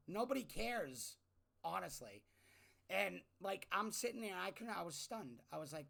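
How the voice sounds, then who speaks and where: A young man ranting through an exasperated political commentary, jumping from loud outbursts to low muttering. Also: big pitch swings, normal speed, vocal fry. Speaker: commentary vlogger. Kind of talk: opinionated political rant.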